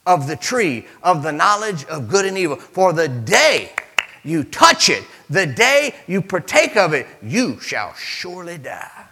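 A preacher voicing God's solemn command. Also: male voice, on the high side, very animated, a little slow, in a large hall, noisy background. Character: God giving a solemn command, male.

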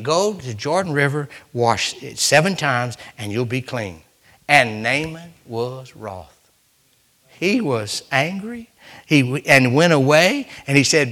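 A man preaching a sermon, swinging from loud, urgent preaching down to hushed, near-whispered asides as he reads and retells scripture. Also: fairly high pitch, lively intonation, normal speed.

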